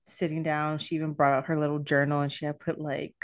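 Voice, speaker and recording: A woman's voice: low voice, level tone, quick pace. A young woman and mother in casual chat, telling stories full of fillers and quoted back-and-forth. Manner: chatty, lots of fillers and quoted dialogue.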